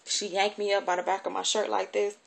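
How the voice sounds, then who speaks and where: A woman telling a personal story in a halting, informal way with many fillers. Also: medium pitch, little pitch movement, creaky. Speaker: vlogger.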